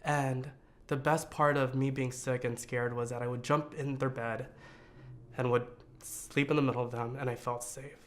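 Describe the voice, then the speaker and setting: Man, from the United States, personal storytelling, earnest, reflective, hesitant fillers, mid-pitched voice. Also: level tone, moderate pace. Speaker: storyteller sharing his coming-out story.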